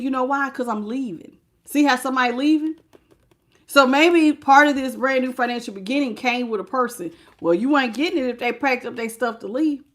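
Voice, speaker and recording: A woman with a somewhat high voice reads tarot cards live. She chats casually, laughs often and greets viewers by name. She hammers home her points by repeating key phrases. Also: a bit bright. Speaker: tarot reader.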